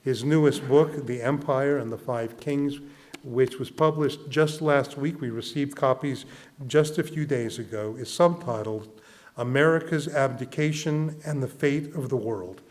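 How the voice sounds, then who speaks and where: A man, a rabbi, gives a formal introduction of an evening's speaker. He reads quotations in a measured way, at a middle pitch. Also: darkish tone.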